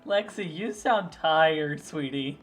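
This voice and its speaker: A woman's voice: sits low, takes it slowly, soft background music. A woman streamer chatting casually and easily with friends while playing a game. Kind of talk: casual gaming chat.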